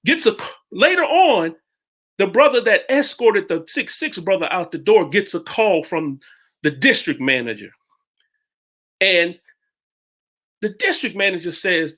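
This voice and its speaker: A male preacher delivers a sermon as a story, stopping and restarting his phrases. His voice is bright and ringing. His pitch rises and falls widely as he goes. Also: big pitch swings. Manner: halting, with many restarts and sudden pitch jumps.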